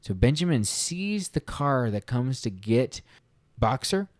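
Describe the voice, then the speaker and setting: An earnest man talks through a story in a relaxed, conversational book-review style. His voice sits at a middle pitch. The sound is dry and close, with no room echo. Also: takes it slowly. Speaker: podcast host reviewing a book. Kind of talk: casual spoken book review.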